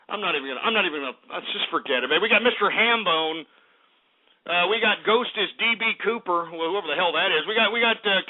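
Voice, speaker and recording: Guy ranting on his radio show, high voice, swearing a lot, sounds like a phone line. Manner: angry, profane ranting with sudden outbursts. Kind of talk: ranting internet radio broadcast. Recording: tinny, phone-like lo-fi radio audio.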